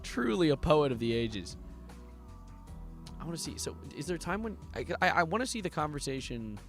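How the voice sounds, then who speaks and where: A man's voice: fairly high pitch, big pitch swings, brisk, soft background music. A young man live-streaming, reacting to documents he reads aloud with sarcastic, mocking asides.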